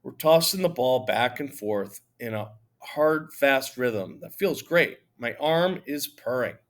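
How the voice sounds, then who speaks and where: A man narrating a children's novel in the first person, easy and conversational. His voice sits in a middling pitch and carries the story along with a lively touch. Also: slow. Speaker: audiobook narrator.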